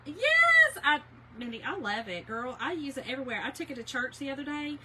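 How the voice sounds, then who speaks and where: A woman's voice: high-pitched, fast, bright, forceful tone, a little hiss or hum, low-quality recording. A woman chatting with viewers by name while she demonstrates a craft project on a livestream, with many fillers. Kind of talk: casual livestream craft tutorial.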